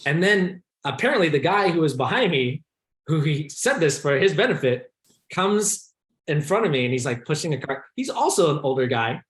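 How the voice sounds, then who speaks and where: Podcast host, male, a bit high-pitched, lively storyteller who acts out the people in his anecdote; echoey room. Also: normal speed. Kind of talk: animated storytelling in casual chat.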